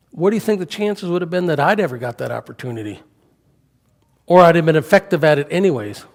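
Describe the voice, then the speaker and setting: A man's voice: high-pitched, gravelly, a little mellow. Older man preaching in a reverberant church. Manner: conversational, asks the congregation questions. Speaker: guest preacher. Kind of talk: storytelling sermon. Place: church sanctuary.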